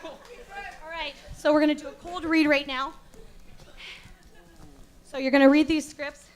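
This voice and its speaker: A woman performs stand-up at a comedy venue, posing as a self-serious acting coach. Her voice sits very high, and her deadpan lectures flip into sudden outraged yelling. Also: measured pace, some chatter behind. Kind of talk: stand-up comedy set with crowd work.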